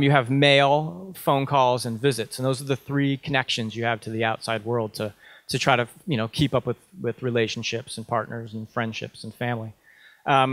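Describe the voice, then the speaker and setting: A man in his thirties speaks at a conference and tells a personal story. He talks in a conversational way, full of ums and small restarts. His voice sits at an ordinary middle pitch, and the sound is dry and close. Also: a bit bright, no room sound.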